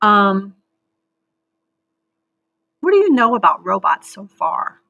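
A woman teacher reads a children's book aloud for an online class, slow and patient, drawing out words syllable by syllable. Her voice is medium in pitch with a gravelly, slightly husky edge. The sound is close and dry, with no room echo. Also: sing-song, pushed and bright, highs cut off. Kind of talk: read-aloud reading lesson for children.

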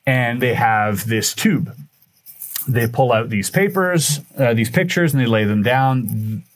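Man telling a story with lively restarts. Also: mid-range voice, slow pace. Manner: acts out dialogue with shifting voices, frequent restarts. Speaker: podcast guest. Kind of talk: animated storytelling in conversation.

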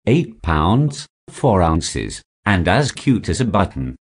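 A man reading simple scripted practice dialogues in a slow, even textbook delivery. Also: low-pitched, husky. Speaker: dialogue reader for English practice.

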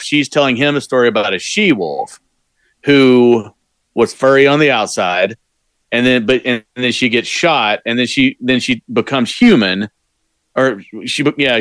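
A man's voice: medium pitch, fairly bright tone, dry recording. A man co-hosting a podcast, jumping in eagerly to explain a film's story. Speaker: podcast co-host. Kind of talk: casual movie discussion.

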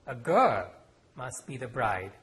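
A man's voice: big pitch swings, slow, fairly bright tone. A man reading aloud, voicing a bossy, scornful girl cousin who switches between mock-hearty bluster and indignant protest. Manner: booming mock-hearty pirate bluster, then shrill protest. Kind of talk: author reading his novel aloud.

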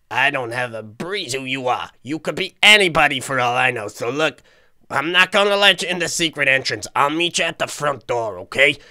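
A man voicing a calm adult male bodyguard in a block-game role-play, reassuring and hesitant, often repeating words. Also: medium pitch.

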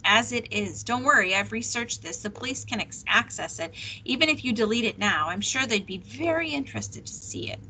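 Lady reading a sharp accusing teen girl detective, bright voice, storybook read-aloud. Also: on the high side, expressive, brisk, slight background noise, low-quality recording. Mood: cutting. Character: fierce determined teenage girl detective.

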